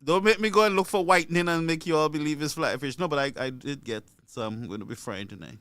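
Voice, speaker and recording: A cheerful man hosts a call-in show, greeting listeners and joking. His voice is bright, crisp and smooth. The sound is dry and close. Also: a little high, quick pace, no room sound. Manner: jovial, laughing, greets listeners by name. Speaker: radio call-in host and pastor. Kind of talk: casual call-in radio chat.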